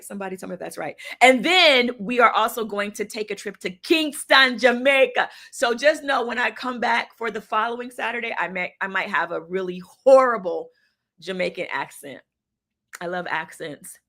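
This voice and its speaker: A woman's voice: mid-range voice, normal speed, fairly bright tone. A woman hosting a casual livestream, talking to her viewers in an encouraging, chatty way. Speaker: livestream host.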